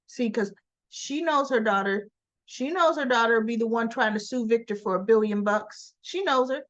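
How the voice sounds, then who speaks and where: A woman's voice: fairly high pitch, normal speed, highs cut off. A woman hosting a casual soap opera recap, retelling scenes by quoting the characters and adding opinionated asides. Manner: animated storyteller, quotes characters in dialogue, opinionated asides.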